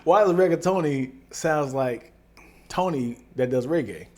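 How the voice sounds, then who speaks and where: A man's voice: fairly high pitch, a little slow, a little mellow. A man co-hosting a casual podcast chat, laughing often and slipping into playful put-on voices. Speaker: podcast co-host.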